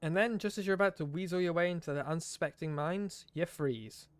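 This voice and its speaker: A man streaming, reading a game's story aloud with expressive narration and wry asides. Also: a little high, a little fast, smooth, no echo.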